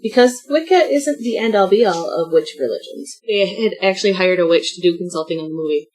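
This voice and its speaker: A woman's voice: mid-range voice, expressive, a little fast, darkish tone, rough recording. A woman co-hosting a podcast in casual movie chat, sharing trivia in a matter-of-fact way. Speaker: podcast co-host.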